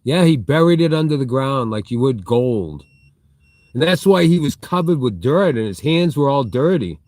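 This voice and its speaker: A man's voice: medium pitch, lively intonation, normal speed, darkish tone, dry recording. Middle-aged man rambling through a live-stream story. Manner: chatty, reads and answers viewer chat mid-story. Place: inside a big retail store.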